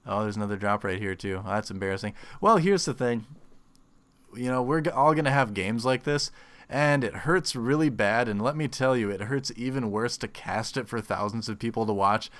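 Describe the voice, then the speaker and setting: A man's voice: mid-range voice, moderate pace, fairly bright tone. A man casting a replay of his own game, rambling with frequent restarts and groaning at his mistakes. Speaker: game caster. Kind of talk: self-deprecating replay commentary.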